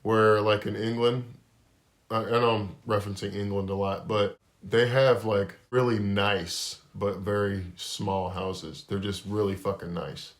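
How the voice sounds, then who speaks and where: A low-pitched man talking easily in a garage podcast, unhurried and offhand. He drifts through his points with a drawl and the odd curse. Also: steady tone. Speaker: podcast co-host. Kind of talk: casual chat.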